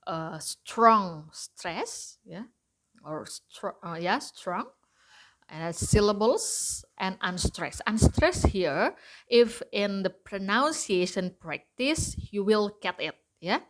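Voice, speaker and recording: Indonesian-accented woman lecturer, slow and deliberate, code-switching, hesitant fillers. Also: mid-range voice, lively intonation. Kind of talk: university lecture on poetry.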